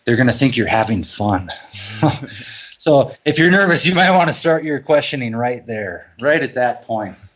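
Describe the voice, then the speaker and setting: A man co-hosting a podcast in casual chat, animated and laughing often as he guides listeners through a laughter exercise. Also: medium pitch, normal speed. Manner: animated, laughs often, retells scenes with raised voice. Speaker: podcast co-host.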